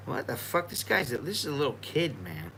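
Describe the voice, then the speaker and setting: A man's voice: mid-range voice, sing-song, fairly quick, gravelly, sharp tone, a little hiss or hum. An American man chatting loosely on a live stream while drinking tequila, swearing and rambling with many restarts. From United States. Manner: profane, rambling, frequent restarts.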